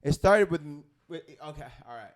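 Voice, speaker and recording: A young Chinese man, a comedian guest whose first language is Chinese, tells a story in animated, profane, casual talk with frequent restarts. His voice is on the high side and a little fast.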